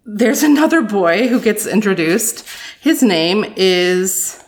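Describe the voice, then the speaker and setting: A woman's voice: medium pitch, animated, takes it slowly. A woman co-hosting a book podcast, chatting casually, laughing often and reading excerpts aloud.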